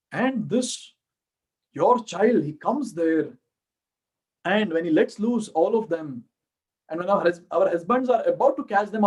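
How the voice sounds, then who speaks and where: A man's voice: breathy edge, full character voice. A man with an Indian accent voicing an exasperated village milkmaid who complains in a raised, exclamatory voice. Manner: complaining, exclamatory, high-pitched.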